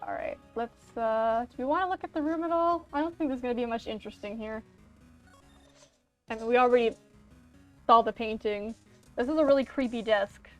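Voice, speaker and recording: A woman streamer chatting casually and offhandedly as she plays through a game. Her voice sits fairly high, with faint game music behind it. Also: brisk, long pauses, dull audio. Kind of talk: casual let's-play commentary.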